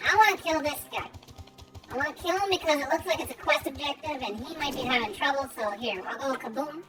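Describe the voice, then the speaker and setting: Young woman, high voice, playful gameplay chat, thinking aloud, desk mic, game music behind. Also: fast. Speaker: streamer. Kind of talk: casual gameplay commentary.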